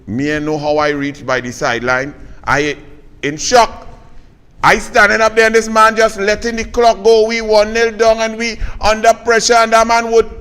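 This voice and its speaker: A man with a Trinidadian accent hosting a live political talk show, telling stories in lively Creole and mocking his opponents. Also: high-pitched, moderate pace, smooth. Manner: animated Creole storytelling, scornful toward opponents. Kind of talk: live political commentary and storytelling. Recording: long reverb.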